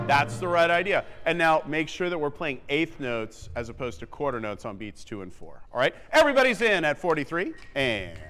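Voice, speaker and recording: A man with a fairly high voice runs a wind band rehearsal, counting off briskly and singing rhythms to show the players. His voice carries a long reverb through a large theatre, with the band faintly audible behind him. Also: very animated, fairly bright tone, faint music behind. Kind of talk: rehearsal coaching. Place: theatre stage.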